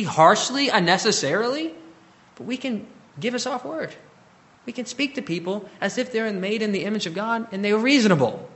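Animated male preacher with a lively voice. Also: high voice. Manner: dynamic delivery, swinging between loud emphasis and soft, drawn-out scripture reading. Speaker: pastor. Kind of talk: sermon.

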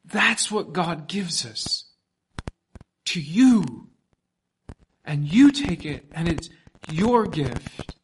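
A man preaching a sermon as pastor, emphatic, swinging from loud passages to hushed ones. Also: on the high side, animated, extremely slow, long pauses, a little hiss or hum.

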